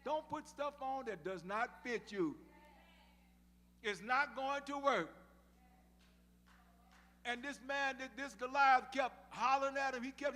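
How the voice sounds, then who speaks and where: A man's voice: very high voice, unhurried, long pauses, sharp tone, soft background music. A man preaching a sermon, telling a Bible story in voices and calling on the congregation to answer back. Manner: call-and-response preaching, storytelling with acted voices. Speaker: pastor. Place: church sanctuary. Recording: live church sound with long reverb.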